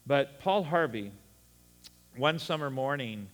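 A middle-aged man preaching a sermon, animated and folksy, with chuckling asides. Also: medium pitch, takes it slowly, in a large hall, soft background music. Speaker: pastor.

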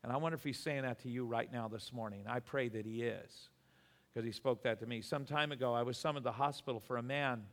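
A man's voice: medium pitch, quick pace, in a large hall. A man pastor preaching a sermon in earnest, repeating words for emphasis.

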